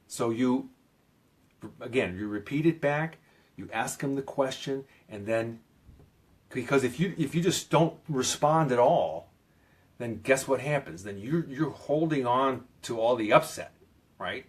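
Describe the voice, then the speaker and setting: A man's voice: medium pitch, a little slow. A man talking through self-help advice in a loose, rambling way, with lots of fillers and restarts, pressing hard on key points. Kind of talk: casual advice video.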